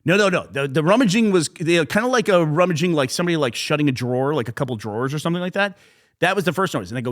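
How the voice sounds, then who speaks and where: A middle-aged man co-hosting a podcast tells a rambling story in casual chat, his voice on the high side and racing. His retelling is animated.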